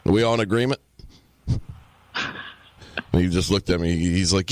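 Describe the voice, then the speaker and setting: This podcast co-host has a low-sitting voice and talks at normal speed, with no room sound in the recording. He chats casually, spinning profane stories and performing the voices of whoever he's quoting.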